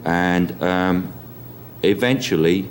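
A man with a Cockney accent, reflecting in an interview and pausing with many ums. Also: sits low, slight background noise. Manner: hesitant, many ums and restarts. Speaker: interview guest.

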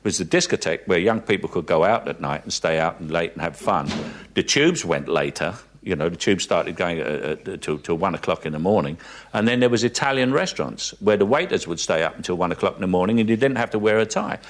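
Fast-talking Cockney man reminiscing. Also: low voice, lively intonation. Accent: London Cockney. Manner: rambling, repeats words while searching for them. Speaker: interviewee. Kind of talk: archive interview.

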